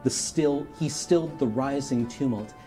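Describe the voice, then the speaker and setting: A man's voice: medium pitch, unhurried, dark tone, faint music behind. A man giving a dramatic poetry reading in a mock radio announcer delivery. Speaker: charity stream performer.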